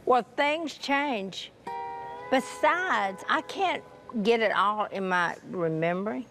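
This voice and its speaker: A woman's voice: on the high side, lively intonation, slow pace. A mother on a reality show, chatty and doting, teasing her grown son. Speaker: family matriarch on a reality show. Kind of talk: reality show chat and confessional. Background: music.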